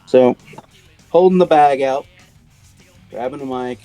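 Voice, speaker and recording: A man's voice: medium pitch, dark tone, dry recording, soft background music, poor audio. A man playing a tabletop wrestling game, speaking his character's promo in a theatrical, mocking way. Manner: slow, theatrical, mocking delivery. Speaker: player.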